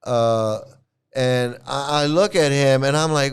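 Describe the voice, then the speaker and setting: Rambling, mocking man with a smooth voice. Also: fairly high pitch, measured pace. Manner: rambling, restarts often, mocking, laughs while talking. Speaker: channel host, former devotee. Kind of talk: casual storytelling rant.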